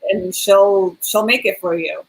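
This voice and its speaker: A woman's voice: mid-range voice, fairly even intonation, measured pace, rough recording. A woman co-hosting a casual interview show, chatty and laughing often. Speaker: talk show co-host. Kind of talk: casual video-call interview.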